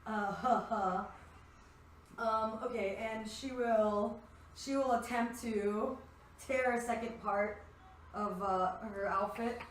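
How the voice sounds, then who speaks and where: A woman's voice: a little high, steady tone. A woman narrating as game master, giggling and swearing as she describes the action to her players. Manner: giggly, swearing freely, quick asides. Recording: far from the mic in an echoey room, faint noise.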